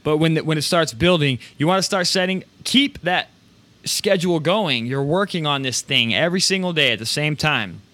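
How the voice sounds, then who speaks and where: Bright-voiced man hosting a live business show. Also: fairly high pitch, moderate pace. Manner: energetic, casual, swears, rambling restarts. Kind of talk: casual motivational business talk.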